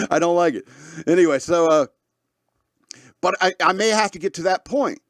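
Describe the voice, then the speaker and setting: A man's voice: a little high, no room sound, studio quality. A man hosting a podcast, talking casually and rambling through his opinions with frequent restarts and chuckles. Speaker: podcast host.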